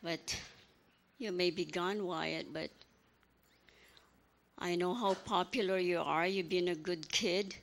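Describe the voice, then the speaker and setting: An older woman giving a halting, emotional memorial speech as a grandmother, full of apologies and small stories. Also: on the low side, fairly even intonation, fairly bright tone. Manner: halting, apologetic, tells little anecdotes.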